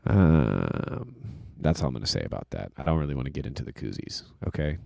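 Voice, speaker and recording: A man's voice: very deep voice, sing-song, fairly quick, creaky, a little mellow, no room sound, clean studio sound. A man hosting a casual livestream, rambling loosely with lots of fillers and self-deprecating asides. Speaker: livestream host and music producer.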